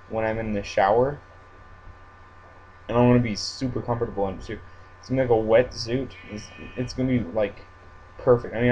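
A man's voice: lowish voice, a little hiss or hum. Hyper rambling male gamer, lo-fi. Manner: hyper, rambling, goofy jokes. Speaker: Minecraft let's-play vlogger. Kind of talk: casual game commentary.

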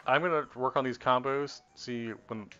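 A man's voice: medium pitch, fairly even intonation, normal speed, sharp tone, clean tone. A man casually thinking aloud while practicing combos on a live stream, often trailing off and correcting himself. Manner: rambling, self-correcting, talks to himself while testing. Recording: dull lo-fi stream audio with faint game music. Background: faint game music.

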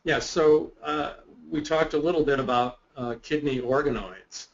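Measured man explaining in a muffled webinar. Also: a little high, steady tone, gravelly. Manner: measured, explanatory, self-deprecating humor. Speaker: guest expert. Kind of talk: webinar Q&A answers.

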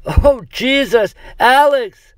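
A man voicing a terrified young man who stammers and shouts in a horror story. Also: on the high side, animated, normal speed, no room sound, voice pushed up. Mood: frantic.

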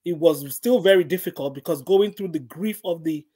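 A woman's voice: fairly low pitch, moderate pace, warm tone, husky. A middle-aged woman, a guest, gives an earnest personal faith testimony and repeats phrases for emphasis.

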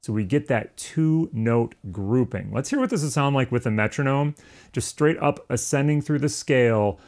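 A man's voice: medium pitch, normal speed, darkish tone. Casual male music teacher. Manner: casual explanatory, sings rhythms on syllables. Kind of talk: instructional lesson.

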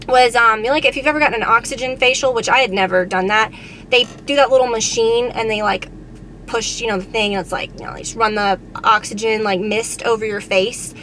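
A woman's voice: fairly high pitch, a little fast, fairly bright tone, a little hiss or hum. Chatty young woman in a car. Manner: chatty storytelling with many fillers. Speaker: beauty vlogger. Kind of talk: casual chat while driving.

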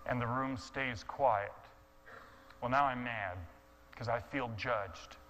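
A man telling a dramatic sermon story, swinging from hushed, quiet passages to impassioned shouting. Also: mid-range voice, slow, a little hiss or hum, low-quality recording. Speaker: guest speaker.

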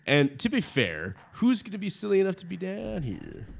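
A young man chatting casually while playing a video game with a friend, animated and rambling, laughing often. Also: high voice, moderate pace, creaky, background noise. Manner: animated, laughs a lot, rambling with many fillers. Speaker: let's play co-commentator. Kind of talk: casual gaming chat.

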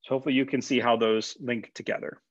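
A man's voice: mid-range voice, level tone, fast, no room sound. A man, a college instructor, giving a conversational classroom lecture with fillers and repeated words. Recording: dull, dry lecture recording.

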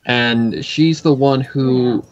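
A young man in his twenties chats loosely as he comments on a cartoon, rambling and cursing casually. His voice sits at an ordinary pitch. The recording sounds dull and lo-fi. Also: steady tone, extremely slow. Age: 20s. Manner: rambling, swears often. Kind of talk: casual reaction chat.

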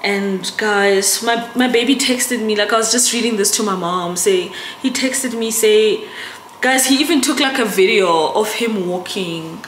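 A woman's voice: mid-range voice, a little slow. Emotional South African woman vlogger. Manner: chatty and emotional, often addressing viewers as guys. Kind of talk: casual vlog chat to camera. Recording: echoey room with background noise.

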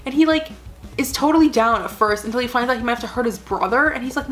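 A woman's voice: fairly high pitch, expressive, fast talker, a bit bright. A young adult woman chatting casually as a vlogger, rambling earnestly with lots of "like" fillers. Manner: rambling, full of "like" fillers, gushing; emotional, earnest. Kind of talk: casual chat.

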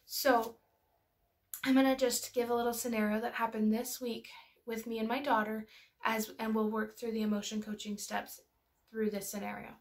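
A woman's voice: fairly high pitch, little pitch movement, moderate pace. A woman, a mother, talking casually and telling stories as she teaches parents, with many filler words. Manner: chatty, storytelling, lots of filler words. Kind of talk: casual educational talk.

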